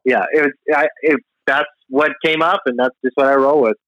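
A man's voice: mid-range voice, fairly even intonation, fairly quick, no echo, highs cut off. A man guesting on a podcast, chatting casually with dry, offhand humor. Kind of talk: casual chat.

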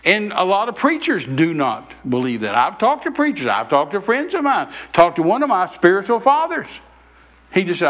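A man preaching in a lively, storytelling way with a fairly high voice for a man. He acts out both sides of conversations and often repeats words as he builds his point. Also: moderate pace. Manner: animated, acts out quoted dialogue, repeats words. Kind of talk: storytelling sermon talk.

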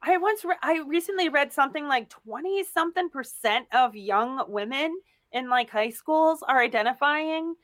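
High-voiced woman coach, dry close sound. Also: lively intonation, normal speed, fairly bright tone, dry recording. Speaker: strength coach and athlete. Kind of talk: casual chat.

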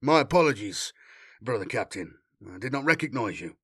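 A man's voice: mid-range voice, lively intonation, moderate pace, bright, forceful tone, breathy edge, no room sound, clean studio sound. A man voicing a stern, commanding sergeant who barks orders, in an audiobook reading. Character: stern male armored sergeant, commanding and quick-tempered. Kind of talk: audiobook character voice.

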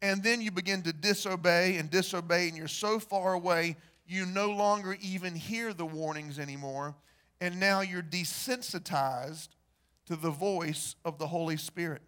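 A man preaching a sermon, telling stories and acting out the people in them, building to loud emphasis. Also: high voice, fairly even intonation, moderate pace. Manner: storytelling, acts out quoted voices, rises to loud emphasis. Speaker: pastor.

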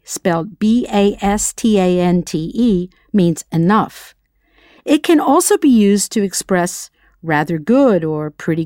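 Woman, language teacher, scripted audio lesson, playful quizzing manner, middle pitch, dry close sound. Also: a little mellow, dry recording. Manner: playful, quizzing the listener with questions.

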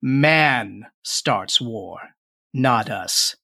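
Vengeful old crone spirit put on by the game master, menacing and unhurried. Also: medium pitch, expressive, creaky, sharp tone, slightly rough, no room sound, studio quality, full character voice. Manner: slow, drawn-out, menacing.

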